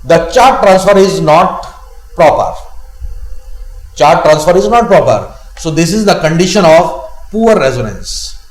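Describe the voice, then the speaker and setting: A chemistry teacher with an Indian English accent delivers a classroom lecture slowly and deliberately, repeating key phrases twice. His slightly high voice is expressive, and the recording carries a roomy echo.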